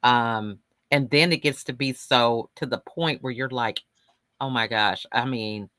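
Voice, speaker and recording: A speaker in a casual podcast chat, sympathetic and lively. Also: medium pitch, a little slow, no echo. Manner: sympathetic, lively, laughs easily.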